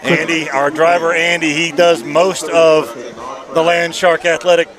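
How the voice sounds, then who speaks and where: A man doing folksy, lively play-by-play for a high school football game at an outdoor stadium. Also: a little slow, crowd noise. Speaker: play-by-play announcer. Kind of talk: sports commentary.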